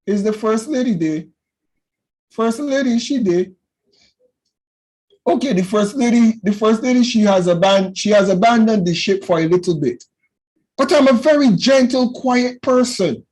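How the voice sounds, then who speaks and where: A man teaching a youth class in a loud, passionate preaching style, often calling out to his listeners. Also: sits high, normal speed, pauses often, low-quality recording. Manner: loud and passionate, with call-and-response phrases.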